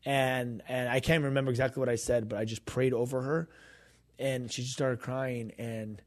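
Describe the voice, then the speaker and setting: Speaking at normal speed with a medium pitch that barely moves, this minister and faith-podcast co-host, an adult who grew up a pastor's kid, shares a story conversationally. He performs the dialogue he quotes.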